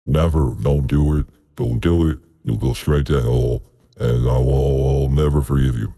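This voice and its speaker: A man voicing God as a stern, solemn male deity who slowly gives grave, commanding warnings. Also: extremely low pitch, vocal fry, dark tone, breathy edge, pitched below the performer's own voice, heavily acted.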